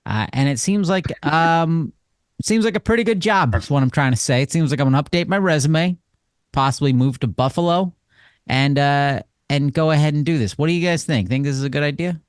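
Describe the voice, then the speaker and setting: A man's voice: on the high side, fairly quick, clear, resonant tone, dry recording. Wisecracking man on a dry mic. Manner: joking, sarcastic asides. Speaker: podcast co-host. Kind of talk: casual podcast chat.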